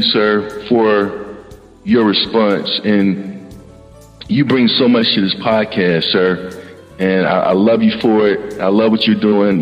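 A man's voice: fairly low pitch, long reverb tail, lo-fi sound. Effusive man hosting a podcast panel. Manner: effusive, heartfelt praise with repeated words. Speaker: podcast host. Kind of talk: emotional panel introduction.

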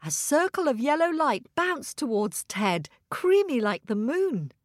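A woman narrating a children's story expressively and gently, speaking to young listeners. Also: sits high, very animated, measured pace, no room sound, studio quality.

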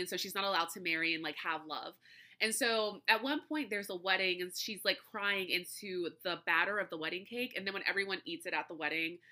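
A woman's voice: mid-range voice, pushed and bright. A young adult woman hosting a podcast in casual chat, rambling with lots of "like" and "you know" and laughing often. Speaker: podcast host.

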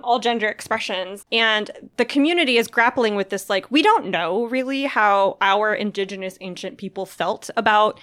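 A woman's voice: medium pitch, a bit bright. A woman co-hosting a book podcast, talking casually and emotionally with many restarts and fillers. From Filipino heritage. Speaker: podcast co-host recommending books. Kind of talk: casual chat.

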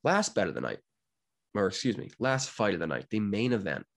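A man's voice: fairly low pitch, very animated, brisk. Brash joking man from Pennsylvania. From Pennsylvania, USA. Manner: brash, jokey, swaggering. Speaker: podcast producer giving betting picks. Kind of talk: casual monologue.

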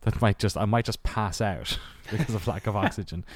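A man with a fairly low voice chats loosely on a podcast, wandering through long jokey stories and laughing often. The sound is dry and close, with no room echo. He talks casually from a small home room. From Ireland. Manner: joking, rambling, quick to laugh. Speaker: podcast co-host. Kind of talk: casual chat.

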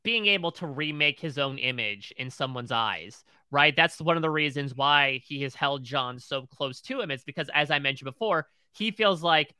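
A man's voice: fairly high pitch, animated, moderate pace, hardly any pauses, pushed and bright, smooth, dry recording. A man co-hosting a TV recap podcast, retelling scenes in close detail. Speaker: podcast co-host.

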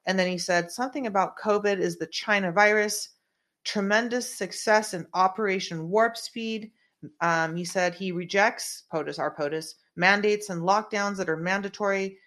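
A woman's voice: mid-range voice, moderate pace, a bit bright. Brief: woman host, rambling conspiratorial commentary, lots of fillers, small room. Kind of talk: casual political commentary.

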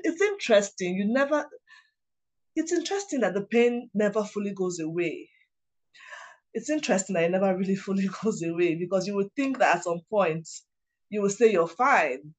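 A woman speaking in an earnest, heartfelt way, her voice at a middle pitch for a woman. She tells personal stories and reflections, often circling back with "you know" and starting her sentences again. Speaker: lawyer, policy worker and writing coach.

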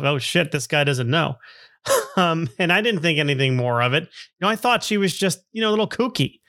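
A man's voice: a little high, pushed and bright, no echo, studio quality. A man in his fifties hosting a podcast, telling a personal story in a rambling way with chuckling asides. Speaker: podcast host.

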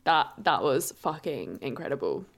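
A woman's voice: a bass voice, very animated, moderate pace, vocal fry. A woman co-hosting a podcast, chatting casually, laughing often and swearing freely. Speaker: podcast co-host. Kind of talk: casual chat.

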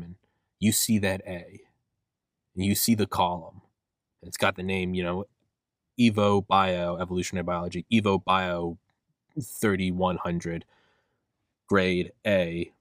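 Deep-voiced man ranting on a podcast. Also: no echo, clean studio sound. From United States. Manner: rambling, profane, acts out his own inner voice. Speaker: podcast host. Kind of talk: solo podcast rant.

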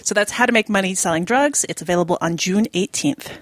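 A woman hosts a film podcast in an easygoing, conversational way, stopping to think with plenty of fillers. Her voice sits at an ordinary middle pitch. The recording is dry and close, with no room sound. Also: fast, no room sound. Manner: chatty and thoughtful, with frequent fillers. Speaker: podcast host reviewing films. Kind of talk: casual chat.

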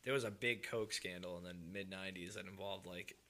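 A man's voice: sits low, steady tone, fairly quick, sharp tone. A man hosting a casual podcast chat, talking loosely and laughing often. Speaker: podcast host.

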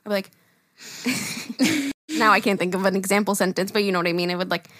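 A woman from New York co-hosting a podcast, chatting casually, laughing often and swearing as she rambles fast. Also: mid-range voice, fairly even intonation, a bit bright, dry recording, studio quality. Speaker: podcast co-host. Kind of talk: casual chat. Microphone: studio mic.

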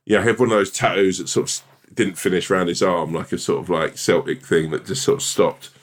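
A man's voice: sits low, fairly even intonation, a little fast. A man co-hosting a podcast, telling a rambling, self-deprecating story in casual chat and laughing through it. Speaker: podcast co-host.

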